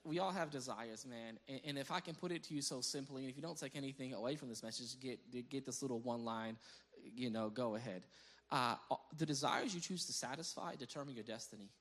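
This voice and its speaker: A man's voice: mid-range voice, brisk. A man preaching a conversational sermon as pastor, telling stories animatedly, laughing often and restarting his phrases. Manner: animated storyteller who breaks into laughter; repeats words as he restarts phrases.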